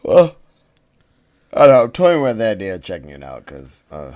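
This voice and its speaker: A man's voice: on the low side, huge pitch swings, moderate pace, dark tone. A man co-hosting a casual podcast, rambling with restarts and fillers. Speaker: podcast co-host. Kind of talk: casual chat.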